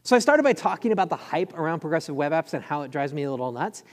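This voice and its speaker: A man giving a conference talk, quick and excited, with lots of fillers. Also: a little high. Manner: fast, enthusiastic, filler-heavy. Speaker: conference speaker. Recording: long hall reverb.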